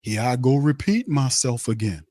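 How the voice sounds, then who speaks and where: A man's voice: mid-range voice, lively intonation, normal speed, warm tone, no room sound. Fired-up man ranting on sports. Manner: blunt, fired up, profane; repetitive, hammering points home. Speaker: sports podcast host. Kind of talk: heated sports rant.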